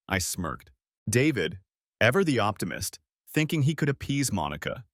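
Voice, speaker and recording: A man narrating a first-person revenge story in a measured, wry storytelling manner, recorded close to the mic. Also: lowish voice, sing-song, fairly bright tone, no echo.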